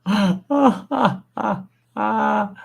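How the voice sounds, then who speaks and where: A man's voice: high voice, very slow, gravelly, breathy edge. A man hosting a livestream, chatting casually and telling folksy, rambling stories, with easy laughter and casual swearing. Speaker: livestream host. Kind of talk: casual chat and storytelling. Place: room at home where he smokes.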